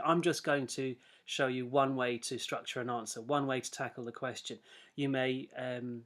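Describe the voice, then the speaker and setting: A man teaching a recorded literature lesson, chatty, with self-deprecating asides and frequent fillers and restarts. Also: mid-range voice.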